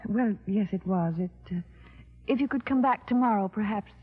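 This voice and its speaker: A woman's voice: medium pitch, moderate pace, breathy edge, close to an everyday voice. A woman playing a cool, evasive widow with something to hide in an old radio drama. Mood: guarded. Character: scheming widow, cold and guarded. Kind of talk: 1940s radio drama acting. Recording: tinny old radio broadcast.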